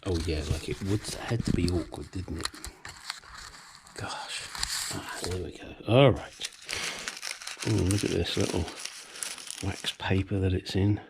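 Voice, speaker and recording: A man's voice: low voice, measured pace, creaky, long pauses, noisy background. A man demonstrating a hands-on repair at his workbench, rambling with cheeky self-deprecating asides. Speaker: home mechanic presenter.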